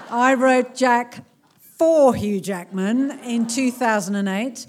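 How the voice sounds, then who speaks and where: A woman's voice: fairly high pitch, fairly even intonation, a little slow, noisy background. A woman author, chatting animatedly and joking while answering audience questions at a live talk in a cultural centre. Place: cultural centre hall before a crowd.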